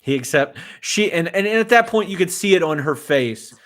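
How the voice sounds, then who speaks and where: A man in casual conversation, retelling a film's scenes with lively energy. He slips into the characters' lines as he tells the story, and his voice rises and falls a lot. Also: high-pitched, normal speed. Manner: animated, acts out quotes from scenes. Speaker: podcast co-host. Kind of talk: casual movie discussion.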